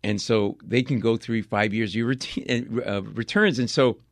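A man from Rhode Island, a comedian telling stories as a guest in an interview, lively and slipping into voices for the people he quotes. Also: lowish voice, moderate pace, dry recording, studio quality. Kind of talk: storytelling interview chat.

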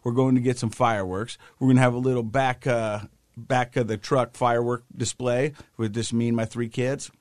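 A middle-aged man co-hosting a casual talk show, telling a story with lively quoted voices. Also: medium pitch, moderate pace, no echo. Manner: animated storyteller, acts out quotes. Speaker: podcast co-host.

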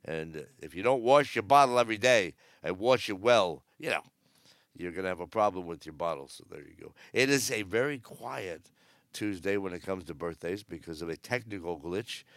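Gravelly blunt older male podcaster. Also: low voice, expressive, moderate pace, fairly bright tone, no room sound, studio quality. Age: 70s. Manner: blunt, rambling, sarcastic. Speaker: podcast host. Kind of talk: opinionated news commentary. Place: aboard a cruise ship.

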